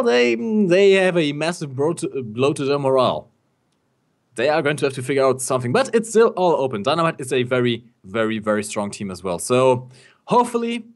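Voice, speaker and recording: Young male college-age caster, animated, loose and friendly live commentary. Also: mid-range voice. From lived in Germany early in life. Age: young adult. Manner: chatty, laughs often, bantering. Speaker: esports caster. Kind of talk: casual live stream commentary.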